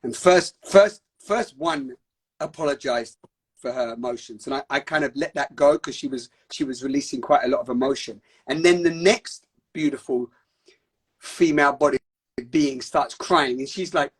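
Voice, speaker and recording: A man with a husky, fairly high voice hosts a live stream. He preaches with intense spiritual passion and swears for emphasis. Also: normal speed.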